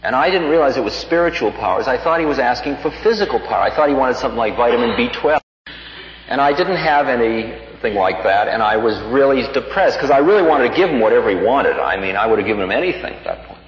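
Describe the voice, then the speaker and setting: A man giving a spiritual talk, telling a personal story in an unhurried, reflective way and livening up the quoted lines. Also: mid-range voice, lively intonation, a little hiss or hum. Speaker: spiritual teacher. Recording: dull lo-fi recording in a reverberant hall.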